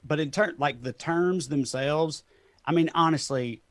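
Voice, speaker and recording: A comedian guest with a Southern US Tennessee accent rambles through a casual interview chat, self-deprecating and laughing often. His voice is on the high side and measured in pace, recorded with no echo.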